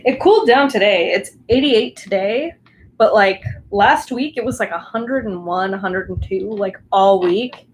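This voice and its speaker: A woman's voice: medium pitch, measured pace, a little hiss or hum, poor audio. A young woman with a Southern Californian accent, chatting casually with a live stream audience while she crafts at home, rambling and full of restarts. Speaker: crafting livestreamer.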